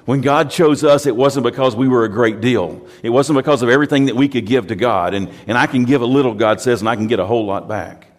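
A man's voice: mid-range voice, fast, few pauses, big-room sound. A pastor from the United States preaching a sermon in a conversational, storytelling way, often repeating words as he restarts.

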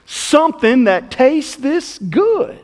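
A man's voice: extremely high pitch, sing-song, slow, a little mellow, long reverb tail, slight background noise, exaggerated voice. A man voicing a sly little old lady churchgoer who loves her snuff, in a cheering, drawling way.

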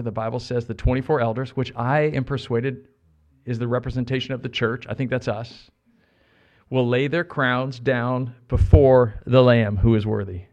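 A middle-aged American man preaching a sermon, animated, repeating phrases for emphasis and joking with the congregation. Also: mid-range voice, muffled recording. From United States. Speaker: pastor.

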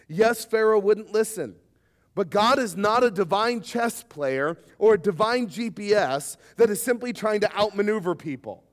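A man preaching a sermon, emphatic and lively, sometimes acting out short quoted voices. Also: high voice, moderate pace. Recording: hall reverb.

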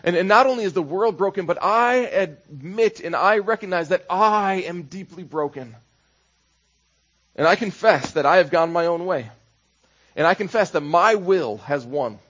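A man's voice: high-pitched, expressive, moderate pace, a bit bright, muffled recording. A man preaching a sermon as pastor, conversational, building into rhythmic repeated phrases.

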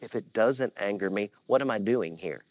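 A man's voice: on the low side, moderate pace, no echo. A man preaching as a pastor, earnest and confessional, with repeated phrases and rising bursts of emphasis. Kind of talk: sermon.

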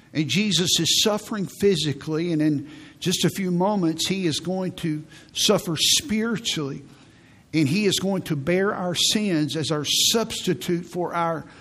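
Husky-voiced man preaching with emphasis. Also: on the high side, a bit bright. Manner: emphatic, repeats phrases for stress. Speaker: pastor. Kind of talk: sermon.

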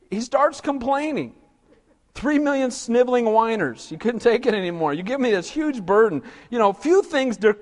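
A man preaching a sermon as pastor, animated, asking rhetorical questions and acting out whiny voices. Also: high voice, big-room sound.

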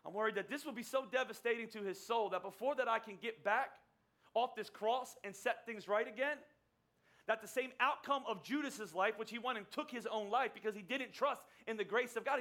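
A middle-aged man preaches in a high, bright voice. He tells his story conversationally from the pulpit and slips into the voices of the people he quotes. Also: brisk. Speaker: pastor. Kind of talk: sermon with personal story.

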